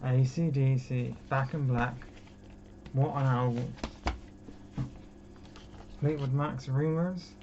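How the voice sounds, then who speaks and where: Slow and pausing often, a young man from Britain rambles through his records in a chatty, self-mocking way. His voice is mid-range with fairly even intonation, heard on a dull lo-fi recording with noticeable background noise.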